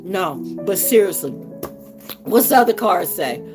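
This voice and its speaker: A woman's voice: mid-range voice, expressive, measured pace, over music. A woman hosting a casual livestream as an oracle card reader, talking bluntly and profanely in rambling asides.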